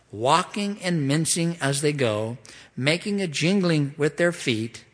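A man preaching an expository sermon as pastor, pleading and emphatic, rising to loud questions and dropping to hushed asides. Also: medium pitch, big-room sound.

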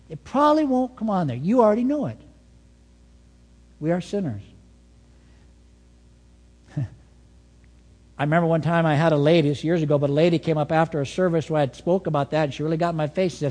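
Male pastor, sermon, high lively voice, long hall reverb. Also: normal speed, long pauses. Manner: animated, storytelling, swings between soft and emphatic.

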